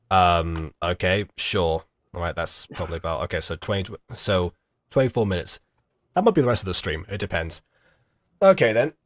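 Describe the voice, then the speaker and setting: A young man giving rambling, halting reaction commentary with lots of fillers and giggles. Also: sits low, dry recording. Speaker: streamer reacting to a video.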